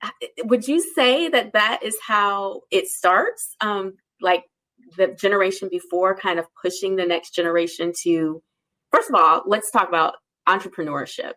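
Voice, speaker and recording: A woman's voice: on the low side, bright, forceful tone. A woman co-hosting an interview, chatty and engaged, reacting readily and steering the conversation. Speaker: co-host, interviewer. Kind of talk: casual interview chat.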